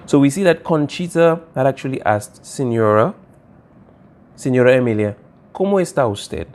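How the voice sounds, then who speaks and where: A man's voice: mid-range voice, animated, normal speed, a little mellow. A man teaching a Spanish lesson, patiently explaining phrases and often checking in with "okay" and "all right". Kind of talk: recorded classroom lesson, writing on a board.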